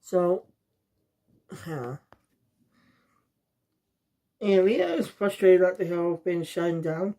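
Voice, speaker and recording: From South Wales, casual reviewer, rambling, drifts off topic, mid pitch. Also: drawn-out words, long pauses, mellow. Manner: rambling, loses the thread.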